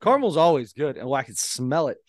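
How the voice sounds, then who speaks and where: Midwest guy chatting on a podcast, animated storyteller, teasing, dry close mic. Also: fairly high pitch, brisk, dry recording. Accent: American Midwest. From American Midwest. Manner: animated storyteller, playful ribbing. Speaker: podcast co-host. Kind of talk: casual chat.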